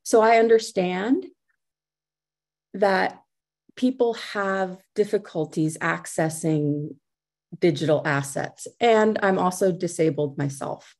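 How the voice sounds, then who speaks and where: A woman's voice: fairly low pitch, takes it slowly, a little mellow. A middle-aged woman giving a conference talk over a video call, speaking conversationally with fillers and restarts.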